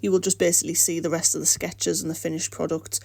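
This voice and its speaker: A woman's voice: fairly low pitch, level tone, fast, vocal fry, a little mellow, no room sound. A woman hosting an art vlog, chatting casually and encouragingly while coming down with the flu, her voice starting to go, in her home art studio. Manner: rambling, encouraging. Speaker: art channel host. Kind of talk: casual voice-over chat.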